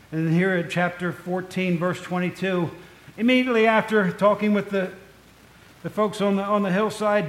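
A man preaching a conversational, storytelling sermon, full of asides to the congregation. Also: high voice. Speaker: pastor. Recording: echoey room.

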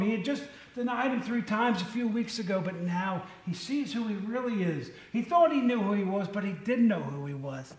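High-voiced man preaching casually. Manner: conversational, asks the audience questions, restarts often. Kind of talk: informal sermon. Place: room with a tin roof in the rain.

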